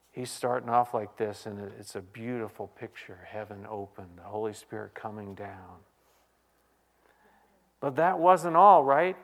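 A man preaching a sermon, his voice swelling into loud, urgent questions before falling back to a hushed, intimate tone. He reads scripture passages aloud and speaks directly to his listeners. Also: medium pitch. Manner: dynamic preaching, swinging from loud exclamations to hushed quiet. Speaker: pastor.

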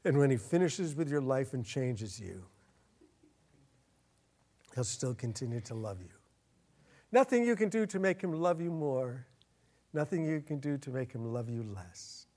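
A man preaching a sermon as a pastor, earnest, getting louder and slowing down to stress his points. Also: medium pitch, animated. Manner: earnest, swells louder and slows down for emphasis.

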